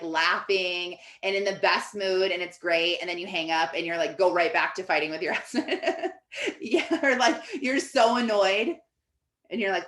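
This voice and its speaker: A woman's voice: mid-range voice, a bit bright. A woman life coach giving a casual, chatty coaching talk to her team in an office, often filling with "like". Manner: chatty, fills with "like". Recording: echoey room.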